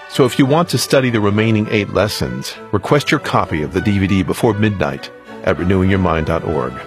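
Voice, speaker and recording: A man hosts a radio teaching program in a very deep voice with a lively, rising and falling melody. He reads his scripted introduction in an announcer's manner, and clear music plays beneath him. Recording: broadcast voice over music. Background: music bed.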